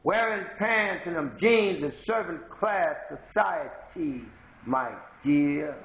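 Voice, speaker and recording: Male vlogger from Haiti, slightly high and gravelly, confrontational rambling rant, dull lo-fi sound. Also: takes it slowly, a bit bright, roomy sound. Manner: rambling, confrontational, addresses viewers directly. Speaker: video blogger. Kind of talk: ranting monologue to camera.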